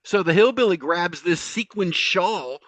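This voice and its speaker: A man co-hosting a podcast, recapping a show in a casual, animated storytelling way and laughing often. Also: sits high, measured pace, no room sound. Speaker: podcast co-host.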